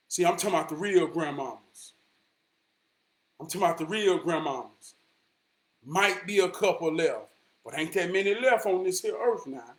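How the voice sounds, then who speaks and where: Man, high voice, motivational talk, preachy, repeats himself, shouts then goes hushed. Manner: emphatic and preachy, swinging from shouts to hushed tones; repeats lines for emphasis, street slang. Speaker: motivational vlogger.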